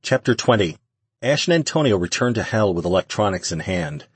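A man narrating an audiobook in a steady, even read. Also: lowish voice, fairly quick, slightly rough, no room sound. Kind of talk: scripted narration.

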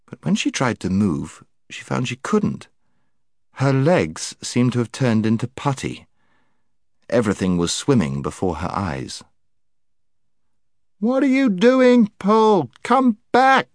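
Deep-voiced man reading a storybook. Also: dry recording, studio quality. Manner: expressive, voices the characters. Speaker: audiobook narrator.

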